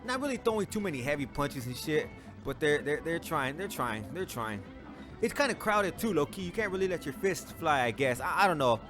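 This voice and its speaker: A man's voice: on the high side, big pitch swings, fairly quick, music in the background. A man casually reacting to a movie, talking in profane slang and laughing often. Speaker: movie reviewer.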